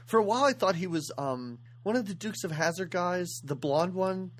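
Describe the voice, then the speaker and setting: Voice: mid-range voice, moderate pace. A podcast co-host chatting casually about an old movie, wry and sarcastic. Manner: wry, sarcastic, animated, quotes and mocks the film. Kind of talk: casual movie-review chat.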